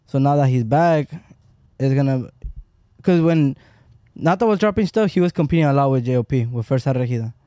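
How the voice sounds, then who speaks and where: A man's voice: mid-range voice, lively intonation, brisk, warm tone, dry recording, clean studio sound. A man in a casual group chat about music, talking in long, rambling stretches full of fillers.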